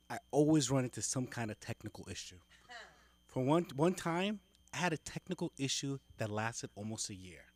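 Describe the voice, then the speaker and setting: Male stand-up comic, deadpan storyteller, mid-pitched voice. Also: no room sound. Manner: deadpan storytelling, acts out phone calls. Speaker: stand-up comedian. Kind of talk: stand-up set. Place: comedy club stage.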